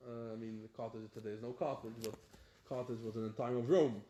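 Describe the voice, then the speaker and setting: A rabbi teaching Talmud, chanting the text and then explaining it in plain talk. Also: male voice, medium pitch, steady tone, fast talker, warm tone, echoey room, slight background noise. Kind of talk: Talmud lesson, reading and explaining.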